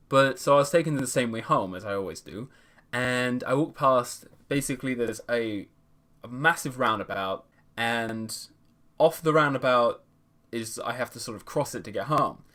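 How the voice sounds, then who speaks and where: A man's voice: mid-range voice, fairly bright tone. A man who tells a personal story in a casual vlog, hesitant and full of self-corrections, with self-deprecating humour. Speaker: vlogger.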